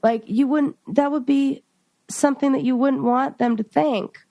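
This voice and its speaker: A woman co-hosting a podcast in casual chat, talking quickly through stories with many restarts and asides. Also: high-pitched, steady tone, dark tone, no echo, dull audio. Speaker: podcast co-host.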